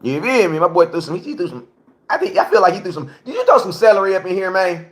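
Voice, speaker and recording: A man's voice: high-pitched, very animated, a bit bright. Slangy man chatting on a live stream. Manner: slangy, chatty, repeats himself, slows words for emphasis. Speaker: livestream host. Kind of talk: casual live-stream sports talk. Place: home, cooking. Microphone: phone for live stream.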